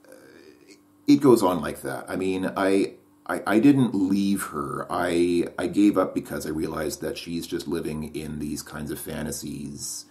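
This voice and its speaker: A man's voice: low voice, unhurried, a little mellow. A man talking to camera in a casual vlog monologue, rambling and repeating himself. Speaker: vlogger.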